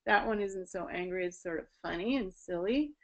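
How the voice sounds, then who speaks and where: A woman's voice: medium pitch, moderate pace, a bit bright, low-quality recording. A woman voice teacher explaining singing technique in an online presentation, speaking through a video call. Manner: explanatory, with sung and spoken demonstrations.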